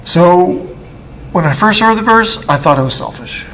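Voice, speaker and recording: A man in his thirties giving a personal faith testimony, halting and emotional, with many restarts. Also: high-pitched, animated, a bit bright, a little hiss or hum. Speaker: guest speaker.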